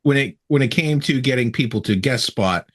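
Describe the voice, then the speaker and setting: A man's voice: medium pitch, animated, moderate pace, fairly bright tone. A man hosting a podcast and casually asking his guest a question. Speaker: podcast host. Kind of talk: interview questions.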